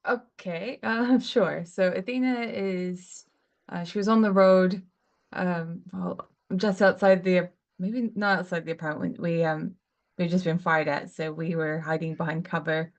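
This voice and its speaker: A woman's voice: lowish voice, steady tone, measured pace. A woman playing in a tabletop role-playing game, giggly and hesitant, full of ums. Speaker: player. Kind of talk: casual chat in a tabletop game. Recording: dull lo-fi audio.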